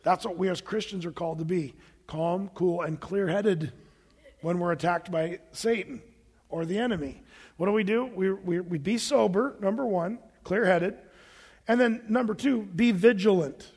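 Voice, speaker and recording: Gravelly, high-voiced male preacher. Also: moderate pace, big-room sound. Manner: animated storytelling with asides. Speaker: pastor. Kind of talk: sermon.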